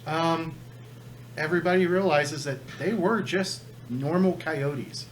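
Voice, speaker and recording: A man's voice: a little high, slow pace. A man running a tabletop game as game master, giving rules in a matter-of-fact way. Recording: noisy home recording.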